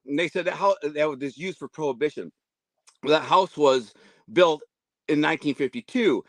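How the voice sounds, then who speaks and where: A man's voice: fairly high pitch, normal speed, fairly bright tone, no room sound. A man around fifty, a guest telling long rambling stories and acting out the voices of the people in them. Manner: rambling, acts out quoted voices. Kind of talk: casual storytelling interview.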